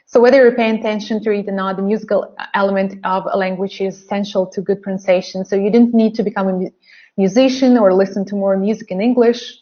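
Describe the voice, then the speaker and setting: A woman teaching English pronunciation in an online webinar, drilling phrases slowly by repeating them. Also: mid-range voice, fairly even intonation, dull audio. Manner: slow, drilling phrases by repetition.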